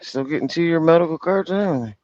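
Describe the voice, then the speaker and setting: A man's voice: a little high, quick pace, a little mellow, dry recording. Breathless trucker in his fifties. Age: 50s. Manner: laid-back, profane. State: short of breath. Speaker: truck driver guest. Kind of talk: casual chat. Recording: dull lo-fi audio.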